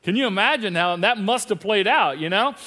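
Man preaching, high lively voice, bright tone, long church-hall reverb. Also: brisk. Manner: animated, acts out biblical dialogue with laughs. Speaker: pastor. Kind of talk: sermon.

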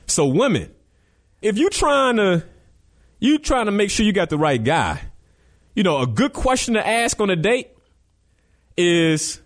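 A man's voice: sits high, sing-song, unhurried, pauses often. A man hosting a motivational radio talk show, speaking emphatically and addressing listeners directly.

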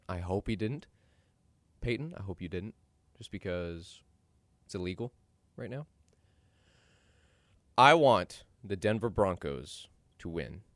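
Animated ranting man, low voice. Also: measured pace, long pauses, no room sound, clean studio sound. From Dallas. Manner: animated, ranting, jumps in pitch when worked up. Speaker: podcast host. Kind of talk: opinionated solo commentary.

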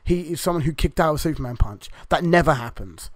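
A man's voice: on the high side, lively intonation, quick pace, no room sound, clean studio sound. A man co-hosting a podcast, chatting casually through a wrestling review, rambling and swearing freely as he acts out the wrestlers' lines. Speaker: podcast co-host.

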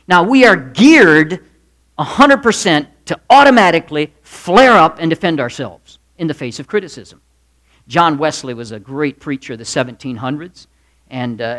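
A man's voice: fairly high pitch, fairly bright tone. A male pastor delivers a midweek sermon in a folksy, storytelling style. He moves easily from jokes to earnest points, his voice sitting a bit above the usual male range.

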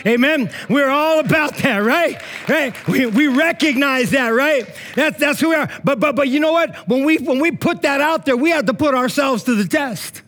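A man preaching a sermon as pastor, emphatic and casual, with slang, stories and frequent "right?" and "man", swinging between loud calls and hushed, slow passages. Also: very high-pitched. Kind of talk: sermon with storytelling. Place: church meeting in a school building.

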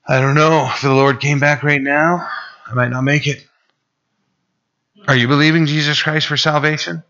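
A man's voice: medium pitch, gravelly, pushed and bright, highs cut off. A man preaching a sermon to his church, talking in a conversational way that climbs to emphatic peaks. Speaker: pastor.

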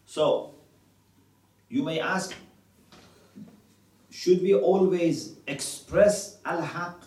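A man's voice: on the high side, extremely slow, darkish tone, reverberant, distant mic, rough recording. A man teaching a religious class, quoting scripture in Arabic and asking his students questions. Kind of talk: classroom lecture.

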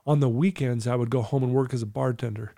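A man's voice: mid-range voice, steady tone, fast, vocal fry, dark tone, dry recording, studio quality. Earnest man telling a painful story. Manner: earnest, candid, storytelling with quoted inner thoughts. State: emotional, clearing his throat. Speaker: guest telling his life story. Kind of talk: emotional personal testimony.

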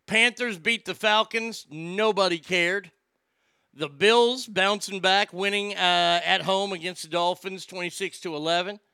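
Brash male sports-talk host, sarcastic and profane; high, gravelly, sharp tone. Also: fairly even intonation, a little slow, no echo, studio quality. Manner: brash, sarcastic, swears freely. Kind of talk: casual sports rant.

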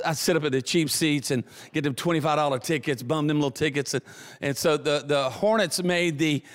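Animated Southern Louisiana preacher. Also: male voice, fairly high pitch, clean tone. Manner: animated, builds to excited shouts, repeats words. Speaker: guest preacher. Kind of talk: sermon storytelling. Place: church auditorium. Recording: reverberant church hall.

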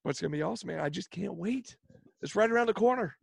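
A man co-hosting a podcast, upbeat and hyping an upcoming show, his voice worn and raspy, with many fillers. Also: sits high, animated, very fast, dry recording. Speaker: podcast co-host. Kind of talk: casual podcast chat.

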